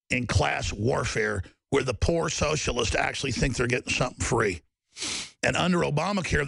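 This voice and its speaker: A man's voice: medium pitch, gravelly, fairly bright tone, no echo, clean studio sound. A man hosting a talk radio show, ranting in a mocking, sarcastic, heated monologue.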